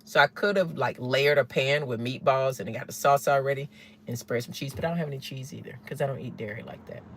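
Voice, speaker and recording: A woman from the Southern United States live-streams casual chat while driving, rambling and asking her viewers questions. She has a bass voice and talks quickly; the low-quality recording comes from a phone inside the car, with steady road noise humming underneath.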